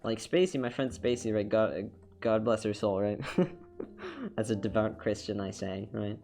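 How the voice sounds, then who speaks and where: A man's voice: lowish voice, very animated, a little slow, vocal fry, darkish tone. A man chatting casually while he draws on a live stream, rambling and upbeat, full of fillers and restarts. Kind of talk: casual chat while drawing. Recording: faint music behind the voice.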